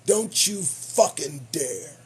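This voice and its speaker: A man's voice: a little high, takes it slowly, faint music behind. A man hosting his own show, giving profane, sarcastic commentary on the news. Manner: animated, swearing, sarcastic. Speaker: show host.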